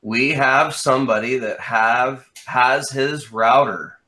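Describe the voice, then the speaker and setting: A man chatting as an interview guest, with a bright, forceful voice at an ordinary pitch. He tells his story with animated energy and swears freely along the way. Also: slow pace. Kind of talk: casual chat.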